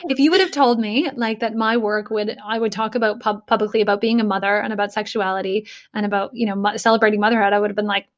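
A woman's voice: medium pitch, fairly even intonation, fast talker, few pauses. A woman speaking earnestly and emotionally in a casual podcast conversation, thinking aloud with many fillers.

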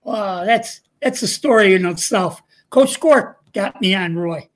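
A man's voice: sits high, lively intonation, a little slow. An older man spins folksy stories from his coaching days, chuckling as he goes. He slips into quoted back-and-forth dialogue and keeps the tone easygoing and conversational. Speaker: retired coach, interview guest. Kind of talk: casual storytelling.

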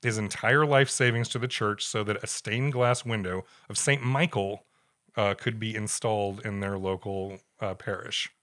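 On the low side and a bit bright, the man's voice stays steady at a normal speed as he co-hosts a podcast. He tells a story wryly and casually, voicing quotes with put-on characters.

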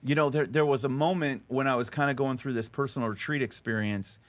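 This middle-aged man speaks as a podcast guest, lively and emphatic, often restarting his sentences. He acts out the people in his stories with a voice of ordinary pitch. His manner is that of conversational storytelling. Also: fast talker. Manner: animated, acts out dialogue in stories.

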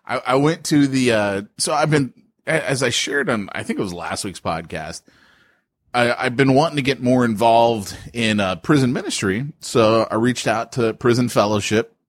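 A man co-hosting a podcast, chatting casually with teasing, deadpan boasts and many fillers. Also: medium pitch, normal speed, no room sound, clean studio sound. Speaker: podcast co-host. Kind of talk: casual chat.

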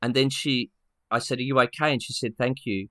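A man co-hosting a podcast, telling a story in a lively, casual way with many restarts and acted-out quotes. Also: medium pitch, a little fast, no echo, studio quality. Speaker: podcast co-host.

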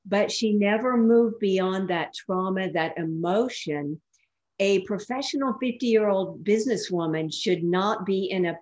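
A woman's voice: fairly low pitch, darkish tone, rough recording. A woman guest who works as a voice coach, explaining vocal technique in an interview and demonstrating exercises. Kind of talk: interview answers.

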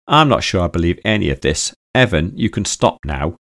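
Brief: male reader playing a sarcastic young woman who smokes, low-key and blunt, storybook. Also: very animated, normal speed, a bit bright, heavily acted.

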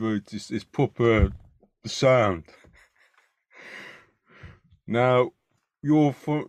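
Hammy low-voiced man hosting a podcast. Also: darkish tone, dry recording. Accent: put-on London accent. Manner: hammy, mock-London chatter. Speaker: podcast host. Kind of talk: playful podcast interview.

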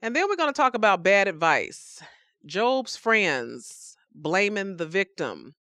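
A woman's voice: medium pitch, sing-song, slow, fairly bright tone, dry recording, clean studio sound. Emphatic woman teaching the Bible. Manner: emphatic, addresses listeners as believers.

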